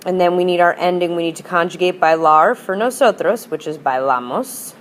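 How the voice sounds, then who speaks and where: A woman on the low side of the pitch range talks fairly quickly, with a little hiss or hum in the recording. Teaching a language class, she runs patient, repetitive drills and switches between English and Spanish.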